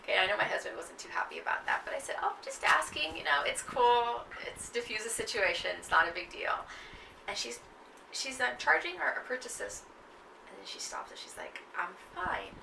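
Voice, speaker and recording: Texas teacher lady talking poetry, bit high and gravelly, far from the mic in an echoey noisy room. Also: very animated, moderate pace, bright, forceful tone. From Texas, USA. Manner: conversational, checks in with "okay?" and "right?". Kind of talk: classroom lecture on poetry.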